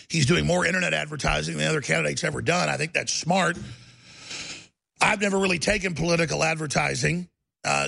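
A man's voice: a little high, vocal fry, pushed and bright, husky. A man hosting a talk radio show, delivering an emphatic, rambling monologue full of restarts.

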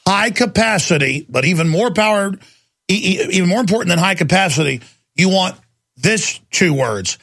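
A man's voice: high voice, animated, moderate pace, a bit bright. A man hosting a talk radio show, ranting emphatically and hammering key words over and over.

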